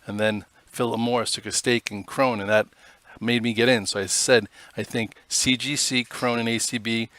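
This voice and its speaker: A man's voice: mid-range voice, flat delivery, moderate pace, fairly bright tone, no room sound. A man hosting a live stock trading show, giving casual, rambling commentary on charts with many fillers.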